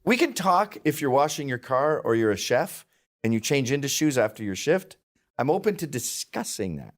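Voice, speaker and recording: A middle-aged man talking in a casual chat, his pitch swinging high and low as he tells stories. He is blunt and profane, laughs at his own jokes and drops into mimicked voices of old men. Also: sing-song, normal speed. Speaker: guest.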